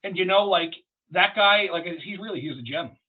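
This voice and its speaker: A man, a wrestler guest on an interview podcast, telling stories in a profane, rambling, animated way. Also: high-pitched, moderate pace. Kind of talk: casual storytelling interview. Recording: dull lo-fi podcast audio.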